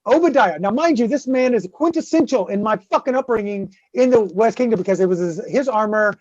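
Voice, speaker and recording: A man filling in as podcast host talks briskly and expressively in a high-pitched voice. His story rambles on at length, full of curses and repeated "right?" prompts. The sound is dry, dull and close-miked.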